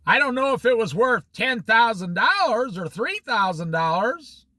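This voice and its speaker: A man's voice: extremely high pitch, very animated, a little slow, bright, forceful tone, dry recording, studio quality, exaggerated voice. A man voicing a skeptical wife who hesitates over an expensive purchase, mildly exasperated. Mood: hesitant. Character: skeptical middle-aged wife weighing a purchase.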